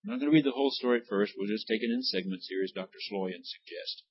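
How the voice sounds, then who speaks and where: A man leading a church Bible study, reading scripture aloud and pausing to explain words and their pronunciation. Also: on the low side, sing-song, slightly rough, dull audio. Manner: reads passages aloud, then stops to explain words and pronunciation. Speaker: Bible study teacher, pastor. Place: church classroom.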